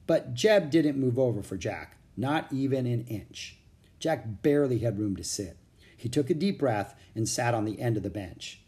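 A man narrating a children's chapter book, expressive, doing all the character voices. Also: medium pitch, moderate pace.

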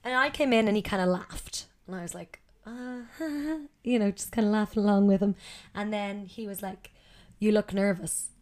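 A woman's voice: medium pitch, moderate pace, darkish tone. A woman telling a personal story in a conversational way, with frequent ums and self-corrections.

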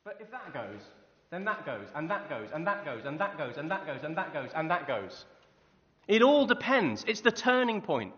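In a church hall, a preacher with a husky, high-leaning voice delivers a sermon at normal speed, animating it with stories and questions put to the congregation. The hall recording is echoey and muffled.

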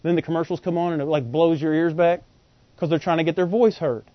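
A male preacher teaching a Bible sermon in an animated way, quizzing his listeners with questions. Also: a little high, quick pace, no room sound. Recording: dull, lo-fi and dry.

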